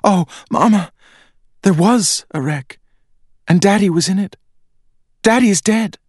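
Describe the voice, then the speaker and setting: A man's voice: mid-range voice, brisk, creaky, a little mellow, dry recording, studio quality, pitched above the performer's own voice. A man voicing a frightened, insistent ten-year-old girl in an audiobook, in a pleading childlike voice. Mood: panicked.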